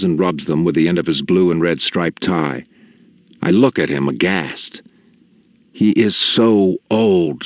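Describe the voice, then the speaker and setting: A man narrating an audiobook in a measured, deliberate storytelling manner with quiet gravity. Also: low voice, no room sound, clean studio sound. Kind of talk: scripted narration.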